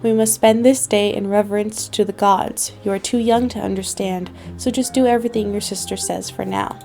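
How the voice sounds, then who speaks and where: A woman's voice: mid-range voice, fairly even intonation, moderate pace, gravelly, soft background music, natural voice. A woman voicing a tender mother figure in a story game. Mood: solemn. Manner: tender, soft-spoken.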